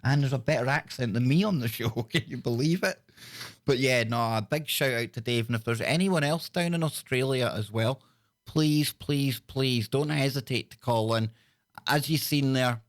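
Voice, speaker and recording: A man hosting a live talk show, chatting enthusiastically and often repeating himself. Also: mid-range voice. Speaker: talk radio host.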